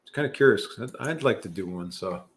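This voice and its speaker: A man's voice: on the low side, expressive, fast talker. A middle-aged man from California hosting a casual livestream, rambling with many fillers and restarts and joking about himself. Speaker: livestream host. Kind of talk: casual live chat reading viewer comments.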